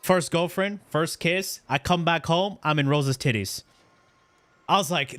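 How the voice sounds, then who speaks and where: A man in his thirties from Canada, a streamer telling a long personal story to his chat in an animated, slangy, profane way, checking in with "right?" again and again. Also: on the high side, a little slow. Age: 30s.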